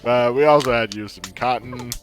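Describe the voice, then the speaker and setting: A man's voice: mid-range voice, brisk, soft background music, close to an everyday voice. A man voicing an eager young male bear explaining himself to his mother. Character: earnest young male bear, a dutiful son.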